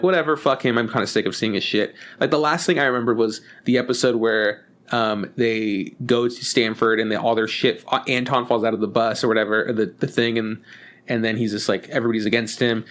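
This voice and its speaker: A young man co-hosting a podcast in casual chat, rambling and swearing as he acts out scenes in quick put-on voices. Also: mid-range voice, steady tone, fairly bright tone. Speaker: podcast co-host.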